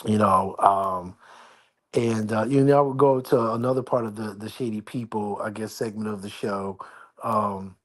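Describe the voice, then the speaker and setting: This livestream host's voice is lowish and fairly even in intonation, moving at normal speed. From his apartment, he rambles through a casual, slang-filled chat, speaking quietly.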